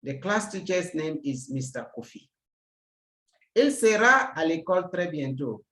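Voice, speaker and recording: A French teacher giving a recorded language lesson, slow and deliberate, repeating each example word. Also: mid-range voice, big pitch swings, a bit bright, reverberant.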